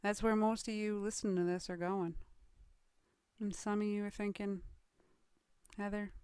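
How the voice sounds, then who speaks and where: A woman's voice: mid-range voice, fairly even intonation, normal speed, dark tone, clean tone, no echo, clean studio sound. A woman coaching on online business in a dramatic motivational talk. She acts out quoted voices and drops into whispers for emphasis.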